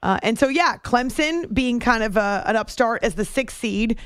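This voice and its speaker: A woman hosting sports radio in a casual, playful way, who sometimes breaks into high shouted impressions. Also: lively intonation, moderate pace, smooth, no room sound, clean studio sound. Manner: playful, tries high movie-villain shouts.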